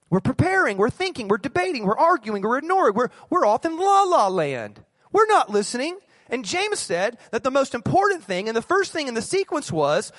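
A man preaching a sermon in a conversational way, asking the congregation questions and acting out quick asides. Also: extremely high pitch, fairly bright tone, dry recording, studio quality. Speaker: pastor. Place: church.

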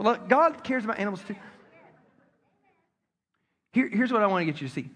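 A man preaching a sermon in a church hall, animated and calling on the congregation to respond. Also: high-pitched, breathy edge. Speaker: pastor. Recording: long hall reverb.

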